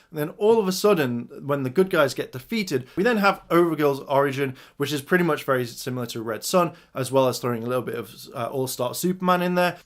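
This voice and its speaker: Excited man reviewing a show. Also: fairly high pitch. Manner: enthusiastic, retells scenes with quoted lines. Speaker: video reviewer. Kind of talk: excited casual episode review.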